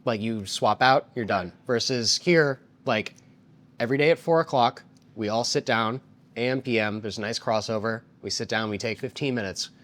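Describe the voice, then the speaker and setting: A man's voice: mid-range voice, moderate pace. Laid-back man, rambling casual talk. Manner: relaxed, rambling with many "like" fillers.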